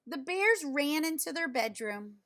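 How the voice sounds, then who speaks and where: A woman reading a picture book aloud, gently, pausing to wonder what comes next. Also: high voice, expressive. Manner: gentle, slow, pausing to ask questions. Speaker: storyteller.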